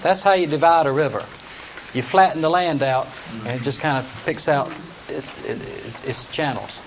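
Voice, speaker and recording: Male Bible study teacher, high-pitched, plain explainer, muffled classroom recording. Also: normal speed. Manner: explains plainly, reads scripture aloud in King James wording. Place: classroom with students. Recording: dull lo-fi recording with faint noise.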